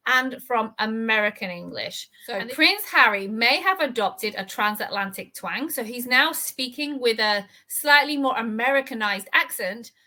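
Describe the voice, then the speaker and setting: A woman English teacher explaining vocabulary and grammar from an article, patient and clear, often checking in with "okay?". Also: a little high, sharp tone. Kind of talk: reading lesson explanation.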